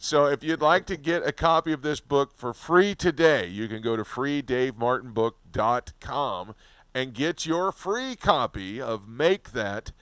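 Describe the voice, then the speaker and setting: A man hosting an interview, asking halting questions and reading an upbeat book offer. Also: mid-range voice, fairly bright tone, smooth, no room sound. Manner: hesitant questions with fillers and restarts, upbeat promo reads. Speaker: host.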